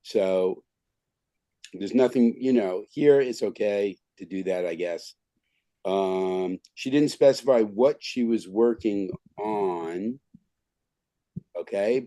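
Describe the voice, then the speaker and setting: A man's voice: mid-range voice, mellow, no echo. A man teaching an online skills class over a video call, talking informally and filling his speech with "okay" and "right". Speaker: skills trainer.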